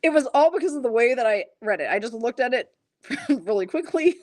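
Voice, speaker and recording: A woman's voice: on the high side, lively intonation, a little fast, a little mellow. A woman hosting a live card break stream, calling out cards and reading the chat in a chatty, self-mocking way, often breaking into giggles. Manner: giggly, keeps breaking into laughter.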